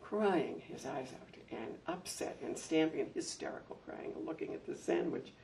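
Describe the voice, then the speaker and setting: This older man, once a school administrator, tells heartfelt stories at a public event, growing animated as he recounts anecdotes. His voice is gravelly and a little high, delivered at a moderate pace, picked up by a distant mic with faint room noise.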